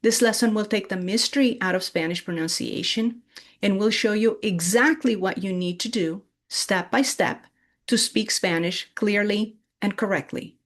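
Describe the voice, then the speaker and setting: A woman teaching an online pronunciation lesson, patient and reassuring, slowing down to sound out words syllable by syllable. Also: medium pitch. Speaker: language teacher.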